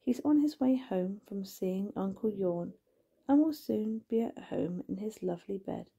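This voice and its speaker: A woman narrating a hypnotic bedtime story in a hushed voice, often slipping into a whisper and drawing out her words. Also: medium pitch, lively intonation, a little slow, gravelly, slightly rough, lo-fi sound.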